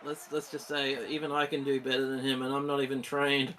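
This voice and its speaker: A man's voice: mid-range voice, level tone, a little fast, pushed and bright. A man chatting casually on a gameplay stream, rambling and restarting his sentences with frequent giggles. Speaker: streamer co-host.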